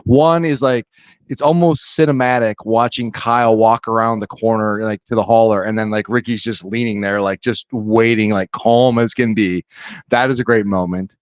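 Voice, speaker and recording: A man co-hosting a casual podcast, telling a story in a relaxed way with lots of "like" fillers. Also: on the low side, moderate pace, clean tone, no echo, muffled recording. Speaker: podcast co-host.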